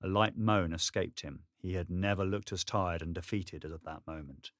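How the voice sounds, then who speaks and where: A man narrating an audiobook in a steady, measured storytelling manner. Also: sits low, no room sound, clean studio sound. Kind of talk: scripted narration.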